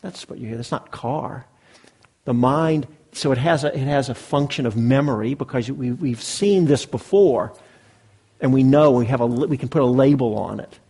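A man's voice: medium pitch, mellow, breathy edge. A man teaching meditation to a live group in a hall, explaining in a conversational way and often checking that the audience follows. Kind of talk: dharma talk to a live group.

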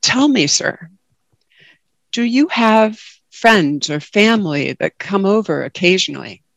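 A woman voicing a serene, patient male spiritual teacher, asking questions gently and calmly. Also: mid-range voice, unhurried, vocal fry, dry recording.

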